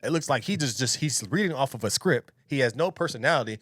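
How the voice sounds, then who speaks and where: A man's voice: medium pitch, expressive, quick pace, hardly any pauses, a bit bright, no room sound. Man, reaction host, blunt and opinionated, repeats himself, dry close sound. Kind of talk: casual commentary.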